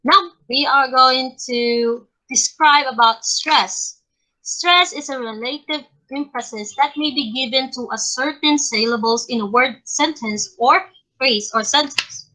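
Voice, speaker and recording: A young Filipino English-accented woman leads a lesson in a high voice. She talks deliberately and keeps checking in with her students. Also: pushed and bright, low-quality recording. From Philippines. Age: young adult. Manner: deliberate, checks in often with okay. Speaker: teacher in a class role-play. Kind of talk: classroom teaching.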